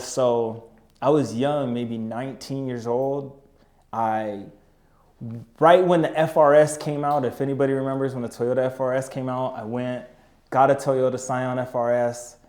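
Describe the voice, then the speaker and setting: A young man chats as a podcast guest. His voice sits in the middle range, and his talk is relaxed and full of street slang. He keeps checking in with his listener as he tells his stories. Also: mid-range voice. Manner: laid-back, slangy, keeps saying "you know what I mean". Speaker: podcast guest, business owner. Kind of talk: casual storytelling chat.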